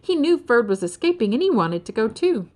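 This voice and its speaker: A woman reading a children's storybook aloud in an expressive, dramatic storytelling manner. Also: on the high side, brisk. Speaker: storybook reader.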